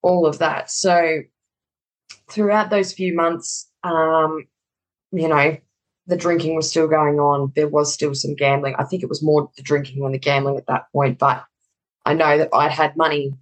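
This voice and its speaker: A woman's voice: low voice, normal speed, rough recording. A woman in her thirties with an Australian accent, a guest in an interview, candidly recounting a hard personal story and acting out what she thought and said along the way. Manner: animated retelling with quoted inner dialogue.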